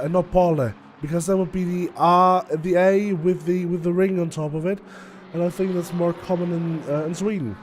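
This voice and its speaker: High-voiced man commentating a sim race. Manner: chatty, analytical, laughs often. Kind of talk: live sim racing commentary. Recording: noisy with race car sound behind.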